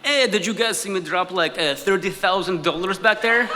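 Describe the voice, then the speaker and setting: A pushy street hustler, played by a man with a raised, mock-innocent voice, pitched above a plain speaking voice. The voice rings through a reverberant hall, with faint noise behind it. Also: moderate pace, natural voice. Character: pushy male street hustler feigning loss.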